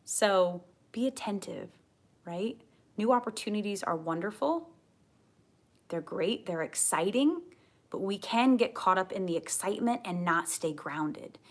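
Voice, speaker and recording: A woman talks through a tarot spread in a gentle, earnest way at an ordinary pitch. She often repeats her key phrases for emphasis. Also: animated, slow pace, pauses often. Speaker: tarot reader. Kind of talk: tarot reading to camera.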